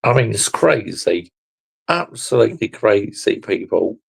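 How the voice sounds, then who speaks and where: A man's voice: lowish voice, animated, measured pace, creaky, breathy edge, poor audio. A young man hosting a casual football reaction chat, laid-back and amused. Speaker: host.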